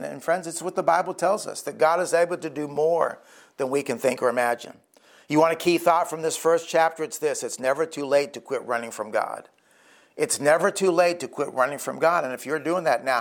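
A male pastor preaching a sermon in an earnest, conversational storytelling way. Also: a little high.

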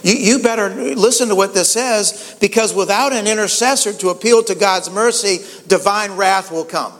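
High-voiced man preaching in a hall. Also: moderate pace. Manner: conversational preaching with many repeated words and "you know". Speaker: pastor. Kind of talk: sermon.

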